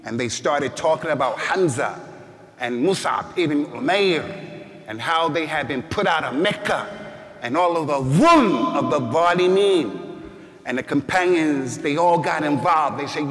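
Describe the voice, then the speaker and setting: A man, the imam of a mosque, giving a Friday sermon with passion, rising at times to shouts and reciting Arabic scripture. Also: medium pitch, fast, in a large hall. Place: mosque prayer hall.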